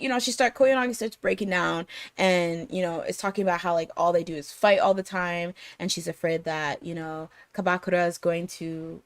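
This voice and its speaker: A woman hosting a casual anime chat, rambling through a recap with many fillers and quick laughs. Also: medium pitch, fairly bright tone, no echo. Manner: chatty, lots of fillers and laughter. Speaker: podcast host.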